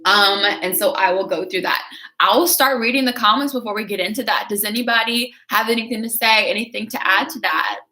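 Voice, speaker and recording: A woman's voice: mid-range voice, brisk, bright, forceful tone. A woman giving casual motivational talk on a livestream, chatty and coaching, reading out viewer comments. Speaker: fitness creator.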